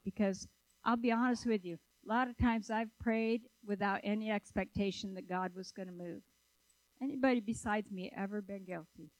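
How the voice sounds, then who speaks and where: A woman preaches in a conversational, animated manner, talking directly to her listeners and asking them questions. Her voice sits at an ordinary middle pitch. The recording is dry and close, with little room sound. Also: no room sound, low-quality recording. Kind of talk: sermon with storytelling.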